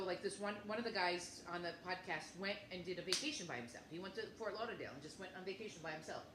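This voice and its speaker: A woman's voice: fairly low pitch, quick pace, few pauses. A woman in her fifties chatting casually as a co-host, rambling through stories and acting out both sides of each conversation. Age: 50s. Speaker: podcast co-host. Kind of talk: casual chat. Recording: echoey room with faint noise.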